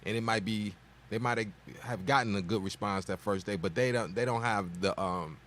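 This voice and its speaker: A man's voice: fairly low pitch, normal speed, fairly bright tone, a little hiss or hum. A man co-hosting a radio talk show, speaking thoughtfully and restarting his sentences as he works out his point.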